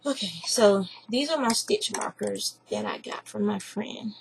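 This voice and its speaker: Gravelly Southern woman chatting casually. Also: mid-range voice, wildly swooping pitch, measured pace, slight background noise, rough recording. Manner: rambling, chatty, reads lists aloud with asides. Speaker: craft podcast host. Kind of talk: casual chat. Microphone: computer webcam mic.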